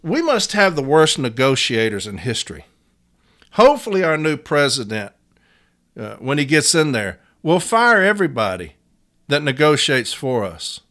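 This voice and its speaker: A man on his own podcast, ranting hard and cursing freely as he hammers his points home. His voice is bright and forceful, and it sits a little higher than most men's. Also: sing-song, normal speed. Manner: profane, heated, emphatic. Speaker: podcast host. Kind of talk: angry union rant.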